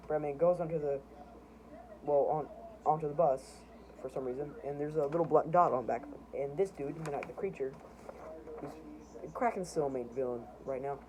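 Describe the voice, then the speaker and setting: Young amateur comic artist, loose self-mocking ramble, steady hiss behind him. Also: male voice, fairly high pitch. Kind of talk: casual show-and-tell narration. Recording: noisy home recording.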